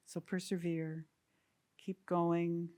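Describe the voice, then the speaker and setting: A woman's voice: on the low side, little pitch movement, takes it slowly, darkish tone. Earnest woman telling a sermon story. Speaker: service speaker.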